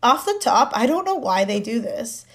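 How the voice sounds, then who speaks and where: A young adult woman co-hosting a casual podcast chat, telling animated stories and acting out her own past reactions. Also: on the high side, normal speed.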